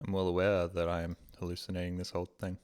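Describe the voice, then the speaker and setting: A man's voice: completely flat delivery, quick pace, a little mellow, clear, resonant tone. Rambling man streamer. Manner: rambling anecdotes, mimics his own past reactions with sudden high-pitched exasperation. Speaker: game streamer. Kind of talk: casual stream chat, storytelling.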